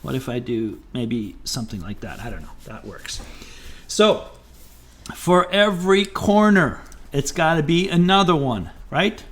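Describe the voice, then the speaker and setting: A man's voice: on the high side, big pitch swings, unhurried, a bit bright. A man teaching a drawing class, chatty and encouraging, thinking aloud as he sketches. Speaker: art teacher. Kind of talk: drawing tutorial.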